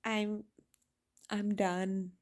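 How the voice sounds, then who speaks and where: A woman vents in a casual vlog, talking slowly and bluntly with plenty of swearing. Her voice is mellow and dark-toned, and her exasperation stays steady throughout. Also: mid-range voice. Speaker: video reviewer.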